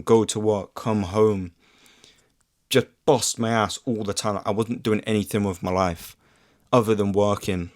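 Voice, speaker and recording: A man's voice: lowish voice, a little mellow. A young man telling a story to camera in a rambling, sweary, casual way, full of "like". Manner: rambling, sweary, filler-heavy with lots of "like". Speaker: vlogger. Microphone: camera mic.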